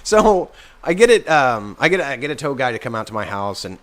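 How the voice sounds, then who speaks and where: A man's voice: medium pitch, a little fast, crowd noise. A man chatting casually on a podcast, telling a story and acting out the people in it. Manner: animated storyteller, acts out voices in his anecdotes. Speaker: podcast guest. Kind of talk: casual chat.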